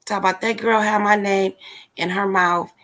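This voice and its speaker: A woman's voice: medium pitch, steady tone, normal speed, fairly bright tone. A woman hosting a casual livestream, ranting bluntly and with exasperation straight to her viewers. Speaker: livestream commentator.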